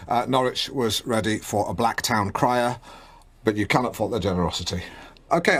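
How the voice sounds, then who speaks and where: Male radio host, pompous, fumbling, mid-pitched, studio mic. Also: a bit bright. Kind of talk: comedic radio show chat.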